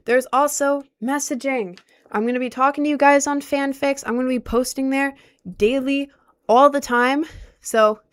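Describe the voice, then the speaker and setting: Woman, livestreamer, casual rambling chat to viewers, slightly high voice, at home. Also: a bit bright. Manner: chatty, rambling, addresses viewers as y'all. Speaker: streamer and cosplayer.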